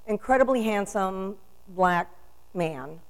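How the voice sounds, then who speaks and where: A woman's voice: mid-range voice, lively intonation, takes it slowly, clean tone, low-quality recording. An older woman delivering a storytelling sermon, asking rhetorical questions with emphasis.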